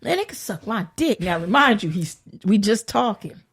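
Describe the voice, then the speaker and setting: Animated profane woman telling a story. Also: medium pitch, moderate pace, slightly rough. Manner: animated, profane, laughs often. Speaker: guest. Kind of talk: casual storytelling.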